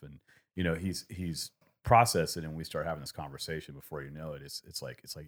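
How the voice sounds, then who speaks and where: A man's voice: extremely low pitch, fairly even intonation, fast. A man in his thirties talking reflectively in a casual conversation, rambling through a story with many fillers.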